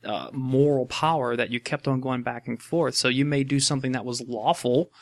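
A man's voice: medium pitch, moderate pace, gravelly, no echo, clean studio sound. A man chatting about video games, rambling and repeating himself as he works through his points. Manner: rambling, repeats words, animated. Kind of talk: casual gaming chat.

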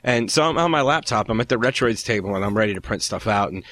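A man's voice: fairly low pitch, fast. A man hosting a casual gaming podcast, swearing and telling stories with lots of restarts. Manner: animated, swears freely, restarts, bursts into laughter. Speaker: podcast host. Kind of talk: casual chat.

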